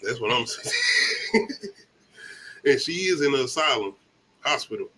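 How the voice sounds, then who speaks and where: A man's voice: mid-range voice, wildly swooping pitch, measured pace, sharp tone, slight background noise. A man from the American South co-hosting a movie review, talking in loose, profane, laughing banter. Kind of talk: casual chat.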